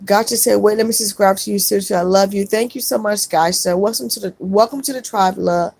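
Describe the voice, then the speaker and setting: A middle-aged woman on a casual live stream, reading viewer comments aloud and answering each one warmly. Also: medium pitch, fairly even intonation, a little fast, gravelly, breathy edge, no room sound. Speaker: vlogger reading live chat.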